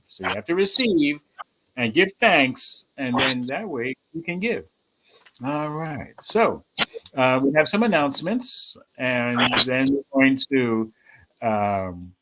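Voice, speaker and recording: A man giving a sermon's closing and announcements at a spiritual center, relaxed and rambling with many fillers. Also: mid-range voice, a little hiss or hum, poor audio. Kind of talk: casual church announcements.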